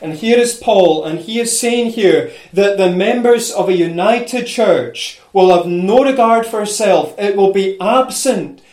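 Male preacher with a high voice, emphatic and repetitive, recorded in an echoey room. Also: a little slow, hardly any pauses, a little mellow. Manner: speaks frankly and directly to listeners. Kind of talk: sermon.

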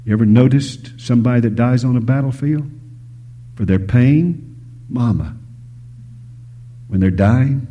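A man preaching a sermon, shifting between loud emphasis and hushed whispers, telling stories and asking the audience questions. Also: medium pitch, unhurried, pauses often, a little hiss or hum. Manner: storytelling, asks the audience questions.

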